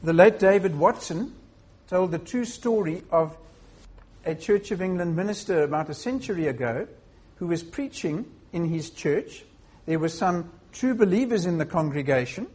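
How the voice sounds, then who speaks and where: A preacher giving a sermon to a congregation in a measured way, posing rhetorical questions. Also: mid-range voice, lively intonation, a little mellow, husky.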